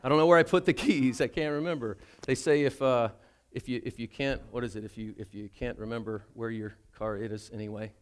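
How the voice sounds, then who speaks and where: A man's voice: mid-range voice, fairly even intonation, brisk, clean tone. An older man preaching a sermon as a pastor, telling a story about himself in a chatty, self-deprecating way.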